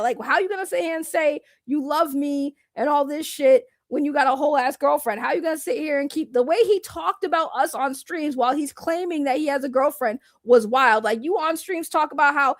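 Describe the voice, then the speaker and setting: High-pitched blunt woman streamer. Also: dry recording, studio quality. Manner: blunt, profane, mocking impressions. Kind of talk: heated casual stream talk.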